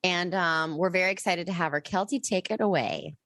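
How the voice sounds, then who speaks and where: A woman's voice: lowish voice, a little fast, a bit bright. A woman co-hosting a podcast in casual chat, bubbly and gushing. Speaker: podcast co-host.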